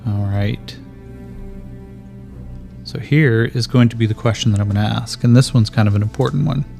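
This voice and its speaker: A man's voice: lowish voice, normal speed, vocal fry, mellow. A man running a tabletop game as game master, thinking aloud as he checks the rules and narrates the scene. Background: faint background music.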